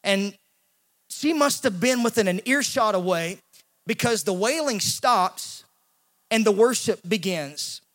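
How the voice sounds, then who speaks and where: A male pastor, preaching a sermon in an animated way and acting out the voices in the story. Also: sits high, measured pace. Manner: animated, acts out quoted voices, repeats words when he restarts.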